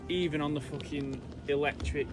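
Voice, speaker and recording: A man's voice: on the high side, fairly even intonation, normal speed, music in the background. A man ranting and joking with a lot of swearing while filming casually. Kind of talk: casual filmed banter.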